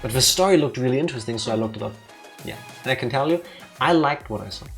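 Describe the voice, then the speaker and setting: A woman's voice: a bass voice, expressive, fast, faint music behind. A woman with a Danish accent co-hosting a let's play, chatting casually in a playful, teasing way with theatrical asides. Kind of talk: casual chat over gameplay.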